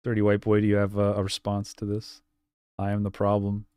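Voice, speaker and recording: Low-voiced man coaching gameplay live. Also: monotone, a little fast, mellow, clean tone, dry recording, clean studio sound. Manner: direct, repeats points, many fillers. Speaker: game coach.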